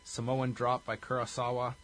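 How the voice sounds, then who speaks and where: A man's voice: mid-range voice, monotone, moderate pace, a bit bright, a little hiss or hum. A man co-hosting a casual podcast, recapping a wrestling show with a wry, chuckling delivery. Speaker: podcast co-host.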